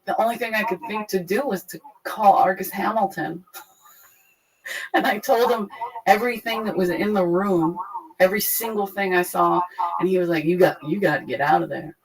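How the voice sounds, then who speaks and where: A young adult woman frankly retelling a painful personal story, profane and animated. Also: medium pitch, moderate pace, rough recording. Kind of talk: candid conversational storytelling.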